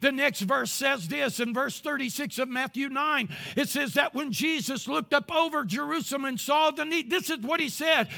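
An older man preaching a sermon as pastor to a live congregation, his passion swelling into shouts. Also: very high voice, normal speed, vocal fry, hardly any pauses. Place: church service before a live congregation.

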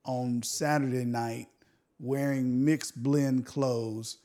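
A man co-hosting a casual Bible discussion, thoughtful and unhurried, with many fillers and restarts. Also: medium pitch, fairly even intonation, mellow. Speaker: podcast co-host.

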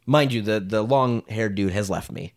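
Young male podcast co-host, lower register, loose rambling storyteller. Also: moderate pace. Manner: rambling anecdotes full of "like", laughing often. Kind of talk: casual chat, storytelling.

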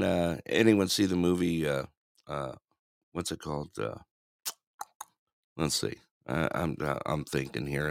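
A man's voice: low-pitched, gravelly, fairly bright tone, no room sound, clean studio sound. A man hosting a casual online radio talk show, rambling and teasing with frequent laughter. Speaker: host.

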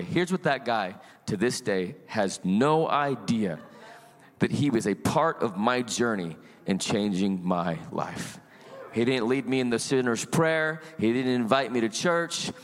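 A middle-aged male pastor preaching a sermon and telling his testimony in an animated storytelling way, acting out voices in the story. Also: lowish voice, in a large hall. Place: church.

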